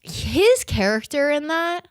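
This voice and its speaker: A high-voiced woman in her twenties hosts a podcast, recorded at studio quality with no room sound. She chats casually and energetically, swearing and laughing often, and her reading aloud is halting.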